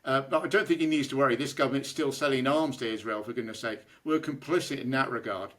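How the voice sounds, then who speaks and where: A man's voice: medium pitch, fast talker, a bit bright. A British man co-hosts a casual comedy podcast. He talks in a mid-range voice with a dry, wry delivery and often chuckles as he speaks. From United Kingdom. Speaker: podcast co-host. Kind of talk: casual political comedy chat.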